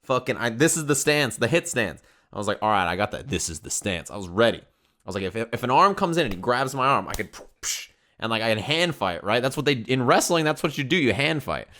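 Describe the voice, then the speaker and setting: A man's voice: medium pitch, very animated, brisk, bright, forceful tone. A man streaming, telling a rambling, profanity-laden story in casual chat.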